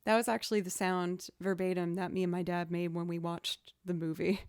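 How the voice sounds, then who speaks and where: A woman hosting a casual livestream chat, answering viewer questions as a chatty, expressive storyteller. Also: lowish voice, brisk, clean tone, no room sound, studio quality. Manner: chatty, expressive storyteller who acts out quoted reactions.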